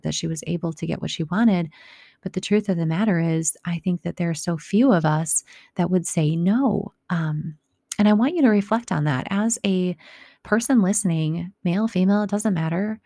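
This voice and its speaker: Low, gravelly-voiced woman telling a story. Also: no room sound, studio quality. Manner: warm, reflective, a bit long-winded with restarts. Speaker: podcast host speaking to listeners. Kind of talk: casual personal storytelling.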